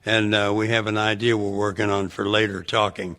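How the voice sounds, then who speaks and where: Excitable, rambling man with a bright voice. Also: lowish voice, brisk. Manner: excitable and rambling, breaks into loud laughs. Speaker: guest, actor. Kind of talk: podcast interview, telling anecdotes.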